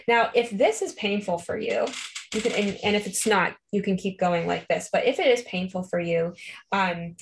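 A woman leading a guided Christian meditation, speaking gently and unhurriedly, with soft fillers as she talks. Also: lowish voice. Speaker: counselor leading a meditation class.

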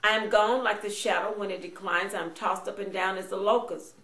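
Woman pastor, mid-pitched voice, preaching a sermon with frequent amens, roomy echo. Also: fairly even intonation, brisk, a bit bright. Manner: reads scripture then paraphrases with frequent amens.

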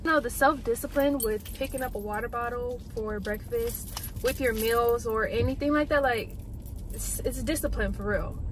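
A woman's voice: a little high, background noise. A young woman chatting casually and animatedly to her viewers as a vlogger, talking from a parked car with her dog panting nearby. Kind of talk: casual vlog chat. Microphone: camera in the car.

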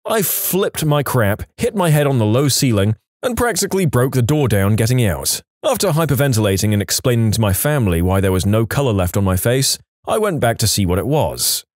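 A man narrating scripted spooky anecdotes in an animated storytelling manner. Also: brisk, dry recording, clean studio sound. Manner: animated storytelling with lively pitch swings.

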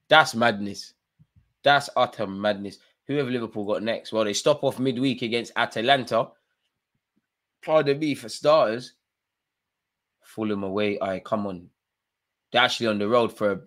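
A man hosting a live football watchalong, reacting loudly to the match with slangy banter and urging players on. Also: on the low side. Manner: excitable, shouts at players, slangy.

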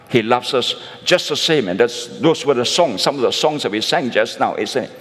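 Pastor preaching in a reverberant church. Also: male voice, medium pitch, lively intonation, normal speed, few pauses, fairly bright tone. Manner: addresses the congregation as friends, ends points with tag questions. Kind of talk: sermon. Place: church sanctuary. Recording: long reverb of a large church hall.

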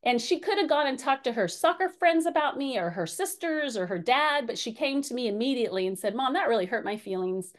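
Woman, forties, parenting class leader, higher voice, candid storytelling, fillers. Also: big pitch swings, brisk, few pauses. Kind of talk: teaching a group Q&A.

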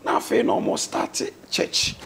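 A man's voice: a little slow, a bit bright. A man with a Ghanaian accent, a guest on a talk show, earnestly telling his life story and mixing English words into his speech.

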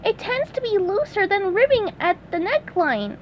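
A bright, bubbly cartoon sea sponge, as a woman puts him on, talking way up high and swooping all over the place. He gushes with eager cheer in this storybook reading. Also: sing-song, moderate pace, a little hiss or hum. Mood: cheerful.

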